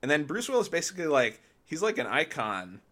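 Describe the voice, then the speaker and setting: A man co-hosting a casual podcast, rambling enthusiastically about films. His voice is bright and forward, and his talk is loose and full of fillers. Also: on the high side, sing-song, fairly quick. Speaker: podcast co-host. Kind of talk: casual film chat.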